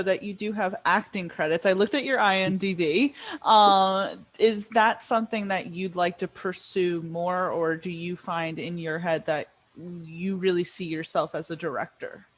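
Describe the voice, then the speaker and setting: A woman interviewing a guest, asking relaxed questions with fillers and encouragement. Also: fairly low pitch. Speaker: interviewer, content manager.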